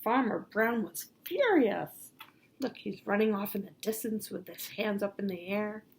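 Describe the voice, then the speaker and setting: A woman reading a picture book aloud to children in a gentle, playful way, pausing to point out the pictures. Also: medium pitch, fairly even intonation, creaky, slight background noise. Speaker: storybook reader for children.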